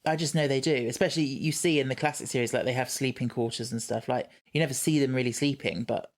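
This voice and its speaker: A man's voice: medium pitch, steady tone, fast talker. Chatty man co-hosting a podcast. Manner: chatty, reads listener messages aloud. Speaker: podcast co-host. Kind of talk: casual podcast chat.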